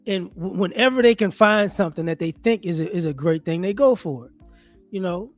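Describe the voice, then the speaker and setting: A man giving casual monologue commentary as an online commentator, animated and rhetorical, often restarting his sentences. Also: sits high, a little fast, no echo, faint music behind.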